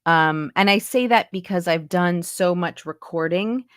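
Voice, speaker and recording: Lowish woman's voice, chatty voice coach on a video call, dead dry room. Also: a little slow, no echo. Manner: chatty, explains with lots of asides. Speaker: accent and dialect coach, voice actor. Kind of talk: casual interview chat. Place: home recording booth.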